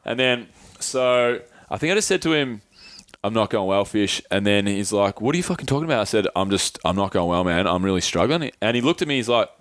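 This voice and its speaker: A man's voice: fairly low pitch, expressive, a little fast, fairly bright tone, clean tone, no echo. Man telling a story. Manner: swears freely, acts out friends' voices. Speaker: podcast co-host. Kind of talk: casual storytelling chat.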